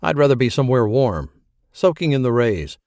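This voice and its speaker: A put-upon man grumbling sarcastically, as a narrator voices him. His voice is plain and mid-pitched. The sound is dry and close. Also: big pitch swings, fairly quick, darkish tone, no room sound.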